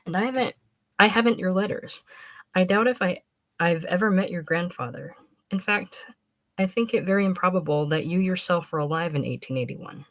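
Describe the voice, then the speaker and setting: A woman's voice: fairly low pitch, moderate pace, dry recording, close to an everyday voice. A woman reading aloud, voicing a stiff, earnest young male scholar who lectures precisely. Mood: indignant. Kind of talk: audiobook reading.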